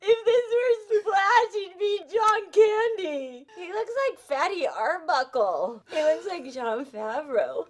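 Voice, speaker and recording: A woman's voice: extremely high pitch, lively intonation, takes it slowly, hardly any pauses, exaggerated voice. An actress improvising a sarcastic, tearful rant as an exasperated woman in a film comedy outtake.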